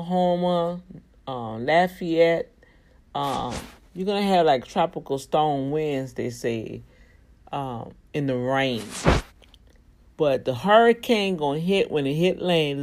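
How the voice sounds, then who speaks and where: A vlogger speaks straight to regular viewers in a casual monologue. The delivery is emphatic and preachy, broken by prayerful asides. The pitch jumps high whenever a point needs hammering home. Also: expressive, slow, a little mellow, a little hiss or hum. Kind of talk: casual monologue with urgent warnings.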